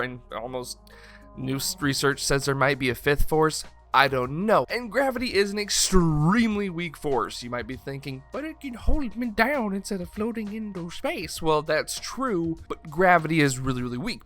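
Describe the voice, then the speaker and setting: A man with a slight Southern twang explains physics in a bright, forceful, slightly high voice. He is irreverent and swears freely, keeping it casual and comic. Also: animated, normal speed, faint music behind. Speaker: science video host. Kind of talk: casual comedic science explainer.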